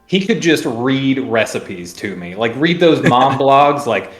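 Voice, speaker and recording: A man chatting casually with a quick, joking delivery. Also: mid-range voice, expressive. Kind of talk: casual chat. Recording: echoey room with faint music.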